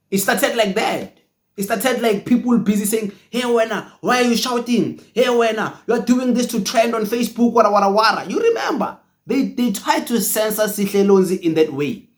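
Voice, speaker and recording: A South African man with a fairly high voice delivers political commentary. He talks emphatically and with animation, repeating himself for effect. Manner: animated, emphatic, mimics others mockingly.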